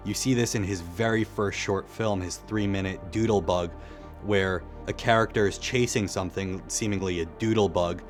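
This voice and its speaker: A man giving a casual, reflective film commentary in a conversational way. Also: fairly low pitch. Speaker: video essayist.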